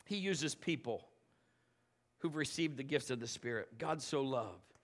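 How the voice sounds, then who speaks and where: A man preaching a sermon at a church service, animated and playful, moving between loud exhortation and quiet asides. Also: mid-range voice, measured pace.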